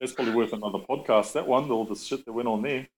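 A man's voice: mid-range voice, fast talker, a little mellow. Joker guest: New man, mid-range voice, teasing quips. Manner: teasing, joking asides. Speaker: podcast guest. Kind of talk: casual chat.

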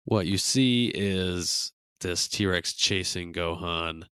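A young man co-hosting a casual podcast, speaking slowly with a smooth, clear voice. He jokes around and laughs often. The sound is dry and close. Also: sits low, sharp tone, no echo. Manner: laughs often, jokey impressions. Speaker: podcast co-host. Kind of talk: casual chat.

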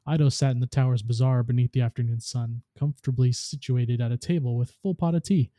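Podcast host narrating a story, very dark mellow voice, dry sound. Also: male voice, medium pitch, a little fast, hardly any pauses, no room sound. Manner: steady storytelling read.

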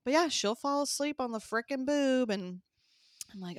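A woman's voice: high voice, animated, normal speed, dry recording, clean studio sound. A woman in her thirties co-hosting a podcast, chatting casually, laughing often and filling her talk with "like.". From American South. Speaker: podcast co-host. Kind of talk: casual chat.

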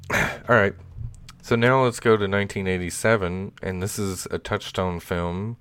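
Man, podcast host, very low voice, dry close sound, relaxed chat. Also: unhurried, clear, resonant tone, no room sound. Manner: leads topics, laughs often. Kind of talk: casual chat.

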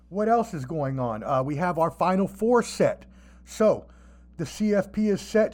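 Dude hosting a sports podcast, swears a lot, gets all animated making fun of people. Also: male voice, sits high, a little slow. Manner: animated, profane, mocking asides. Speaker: podcast host. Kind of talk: casual sports chat.

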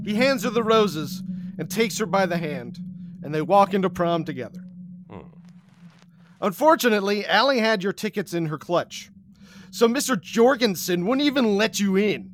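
A man telling a comic second-person story, deadpan and breaking into laughs. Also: sits high. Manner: deadpan, slow, laughing through. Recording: recording with audible hiss.

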